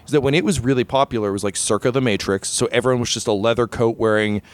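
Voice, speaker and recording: Animated storytelling man, dry close sound. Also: medium pitch, racing, no echo. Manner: animated storyteller, acts out quoted voices. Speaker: game master. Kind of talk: casual podcast chat.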